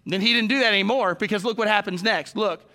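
A man's voice: high-pitched, quick pace, sharp tone. A man preaching a sermon, telling stories and addressing the congregation directly. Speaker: pastor.

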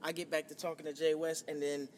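Man, 30s, from New York, profane animated storyteller, high-pitched, faint rumble behind. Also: quick pace, long reverb tail. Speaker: podcast host. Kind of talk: casual storytelling chat.

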